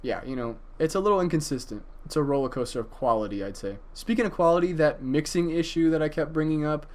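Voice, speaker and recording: A man's voice: on the high side, quick pace. A man casually reviewing an album, enthusiastic and profane, with frequent hesitations and fillers. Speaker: music reviewer.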